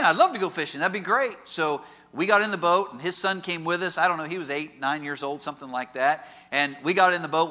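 Male preacher, sermon, animated storyteller, ringing tone with long hall echo. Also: fairly high pitch. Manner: animated storytelling with rhetorical questions. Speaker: pastor. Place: large auditorium.

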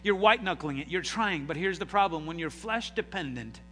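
A bright, high-voiced man preaches a sermon to his congregation, pulling them into call-and-response and swinging between loud bursts and hushed lines. His voice rings in a reverberant church hall with a faint hum underneath. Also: animated, a little fast. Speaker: pastor.

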